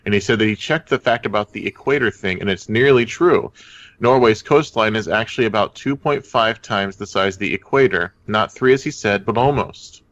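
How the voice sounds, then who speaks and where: A man's voice: lowish voice, a little fast, fairly bright tone, no room sound. A man co-hosting a casual podcast chat, rambling and correcting himself as he tells a story. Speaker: podcast co-host. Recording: dull lo-fi dry mic.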